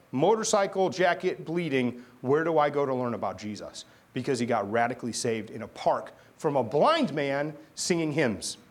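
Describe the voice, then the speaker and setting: A male pastor preaching a sermon who tells stories in an animated way, with dramatic pauses. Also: medium pitch.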